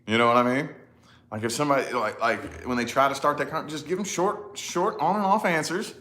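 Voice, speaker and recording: His mid-range voice is bright and forceful and moves a little fast. The man, a vlogger and father in his thirties, rambles casually to camera, laughs at himself, and keeps dropping in "you know?".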